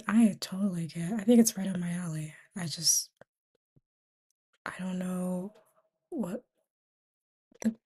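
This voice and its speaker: A woman's voice: lowish voice, warm tone, husky. A tired young woman vlogging in a casual, rambling way, often dropping to a whisper between fillers. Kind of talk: casual confessional chat.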